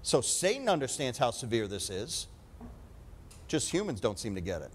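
A man's voice: medium pitch, sing-song, normal speed, slight background noise. A man preaching a sermon with emphatic delivery, often calling for an amen.

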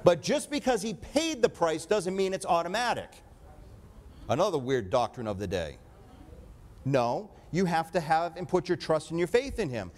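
Male preacher, slightly high voice, emphatic sermon delivery with call-and-response. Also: big pitch swings, moderate pace, darkish tone. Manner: emphatic preaching, asks congregation for amen.

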